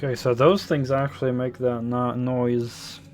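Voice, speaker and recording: A man streaming a game, muttering and swearing as he thinks out loud about upgrades. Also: medium pitch, little pitch movement, measured pace, faint music behind. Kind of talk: casual gameplay commentary.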